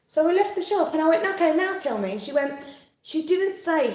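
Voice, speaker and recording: A woman's voice: sits high, quick pace, roomy sound. A woman in her thirties chatting casually and acting out quotes as she tells stories. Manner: animated storyteller acting out quotes. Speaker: host. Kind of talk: casual chat.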